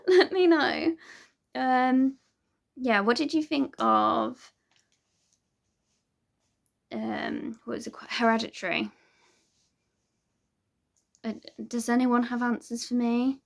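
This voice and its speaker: A woman's voice: a little high, takes it slowly, vocal fry, long pauses. A young woman chatting casually to camera as a vlogger, rambling with lots of ums and little laughs.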